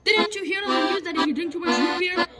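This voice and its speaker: A woman's voice: extremely high pitch, fast talker, over loud music, voice pushed up. A woman voicing a grumpy, impatient male chef puppet in a comedy parody, snapping and scolding. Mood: annoyed.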